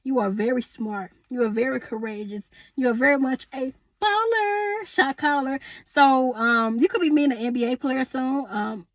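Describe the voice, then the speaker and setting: A woman's voice: sits high, moderate pace, few pauses, no room sound. A woman giving a chatty, sassy tarot reading to her viewers, calling them honey and boo and laughing often. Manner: laughs often, asks spirit aloud. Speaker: tarot reader.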